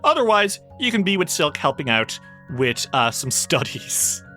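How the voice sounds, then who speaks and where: A game master narrating a tabletop game in a relaxed, meandering way with many fillers. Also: medium pitch, unhurried, soft background music.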